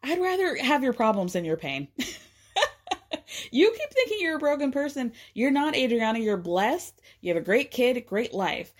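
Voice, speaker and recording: A woman's voice: a little high, sing-song, moderate pace. A woman voicing a friend who scolds and encourages with emphasis. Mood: emphatic.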